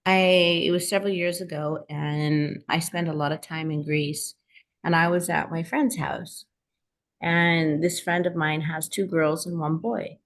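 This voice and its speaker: A woman's voice: low voice, little pitch movement, measured pace. A woman coach teaching an online class, speaking earnestly and emphatically and telling personal stories to make her points. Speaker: self-help coach and teacher.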